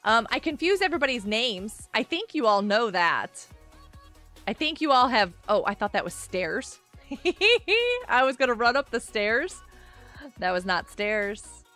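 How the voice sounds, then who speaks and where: A giggly, bubbly mom in her thirties talks directly to her audience during a gaming livestream. Her high, bright voice leaps about, very animated yet at a measured pace, and faint music plays behind her.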